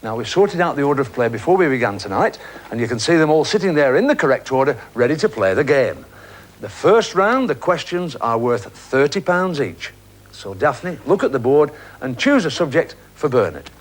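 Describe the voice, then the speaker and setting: A man's voice: medium pitch, big pitch swings, normal speed. A middle-aged man hosting a quiz show, joking and teasing the contestants and laughing often, heard over a 1980s TV broadcast in front of a studio audience. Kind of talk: game show banter.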